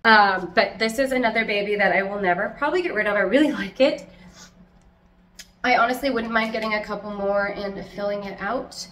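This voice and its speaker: A young adult woman casually chatting through a tour of her houseplants at home, rambling and self-deprecating, talking loudly. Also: mid-range voice, fairly quick, slight background noise. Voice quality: loud, yelling from audio trouble. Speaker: plant collector vlogger. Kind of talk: casual plant tour chat.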